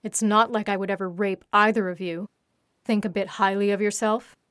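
A woman's voice: medium pitch, steady tone, moderate pace, fairly bright tone, dry recording, lightly acted. A nervous captive man who pleads and whines, read by a woman without much change from her own voice. His lines come in anxious, protesting bursts. The recording is dry and close. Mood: pleading. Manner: pleading and whiny.

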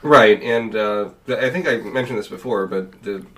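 Male podcast co-host, lowish voice, hesitant and casual, a bit off-mic. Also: normal speed, pushed and bright, far from the mic. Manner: hesitant, with stammered restarts. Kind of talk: casual review chat.

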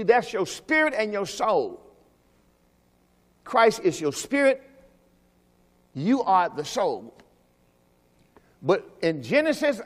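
A man preaching a sermon as pastor. He talks emphatically, asks the congregation questions, and drops into low quiet asides. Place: church sanctuary. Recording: long hall reverb from a church service.

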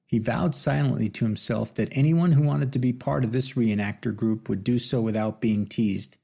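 A man narrates a novel in a steady, measured way. His voice is gravelly and husky, with a dark, mellow tone. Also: medium pitch. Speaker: audiobook narrator. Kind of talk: scripted narration.

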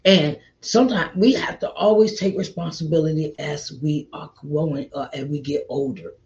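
A man's voice: a little high, normal speed, gravelly, darkish tone. Middle-aged man, raised voice, earnest repetitive encourager; dull lo-fi sound. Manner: repetitive, earnest, preachy, calls listener child and honey. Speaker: author giving encouragement. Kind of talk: motivational talk to viewers. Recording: dull lo-fi recording.

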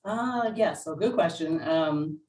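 Lively laughing woman, roomy distant sound. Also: low-pitched, slow pace, a little hiss or hum. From England. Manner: candid, laughs often, animated storytelling. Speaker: guest. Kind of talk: casual interview chat. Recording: roomy sound from away from the mic.

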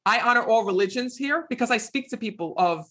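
A man being interviewed as a psychic medium, telling stories in a casual, animated way and often repeating "next thing you know.". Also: very high-pitched, fairly quick.

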